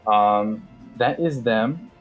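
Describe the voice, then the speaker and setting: A man's voice: fairly low pitch, extremely slow, dull audio, soft background music. A man narrating a tabletop game as game master, casual, with many fillers.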